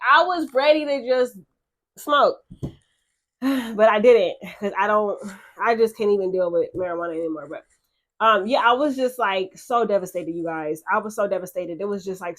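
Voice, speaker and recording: A woman's voice: medium pitch, moderate pace. A young woman talking in a casual confessional vlog, chatty and emotional, full of fillers and repeated words, frank and blunt. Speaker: vlogger.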